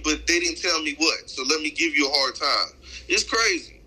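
Husky, bright-voiced man with a Bay Area accent, streetwise casual talk. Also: a little high, moderate pace, poor audio. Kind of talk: casual chat.

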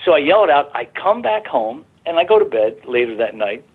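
A man calls in to a radio talk show and tells his story in a rambling, halting way, restarting sentences and growing excited. His voice is husky and comes through a thin, tinny phone line. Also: a little high. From Arizona, USA. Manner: rambling, repeats words and restarts, grows excited. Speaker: radio guest.

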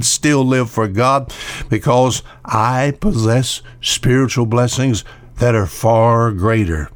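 An older man delivers a homely radio sermon at an ordinary, mid-range pitch. He rambles warmly through repeated words and filler sounds like a seasoned preacher chatting with listeners. The recording is dry and close, with no room echo. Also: slow pace. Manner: folksy, conversational, repeats words with frequent uh fillers.

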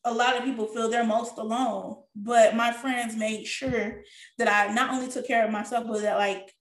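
High-voiced woman in an echoey room. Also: level tone, moderate pace. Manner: candid, emotional storytelling with frequent profanity. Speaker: podcast co-host. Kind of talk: casual chat.

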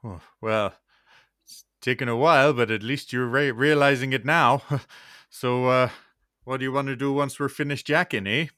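A man's voice: mid-range voice, fairly even intonation, moderate pace, bright, forceful tone, dry recording, clean studio sound, natural voice. A man improvising an easygoing lumberjack in a mock Canadian accent, ending lines with "eh". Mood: folksy. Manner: drawling, tags lines with "eh". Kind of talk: improv comedy scene.

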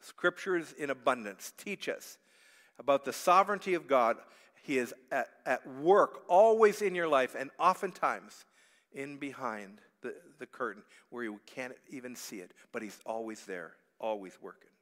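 A man preaching a sermon as pastor, swinging between hushed reflection and loud, pleading passages. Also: medium pitch, moderate pace. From Canada. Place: church sanctuary. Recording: church hall reverb.

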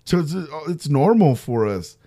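A man with a fairly high voice co-hosts a podcast in a loose, casual chat. He tells stories animatedly, his pitch rising and falling a lot, and he swears freely as he goes. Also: big pitch swings, unhurried, mellow. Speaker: podcast co-host.

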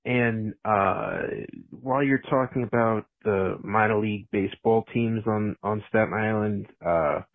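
A man's voice: fairly low pitch, measured pace, no echo. A man leaving an earnest voicemail, correcting a detail with many fillers. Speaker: caller. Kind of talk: voicemail message. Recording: tinny phone line.

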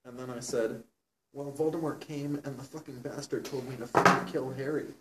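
A man's voice: medium pitch, fairly even intonation, moderate pace. A young man reading a fan story aloud in a mock-serious way and breaking off to comment between lines. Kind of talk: comedic dramatic reading. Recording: roomy, distant mic with faint noise.

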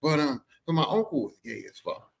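Animated profane male storyteller. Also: mid-range voice, brisk, creaky. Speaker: podcast host. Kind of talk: comic storytelling.

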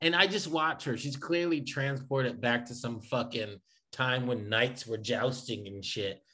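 A man co-hosting a casual chat over a video call, animated, swearing freely and laughing often. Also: medium pitch, a little slow, slight background noise. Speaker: podcast co-host. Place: home, remote video call.

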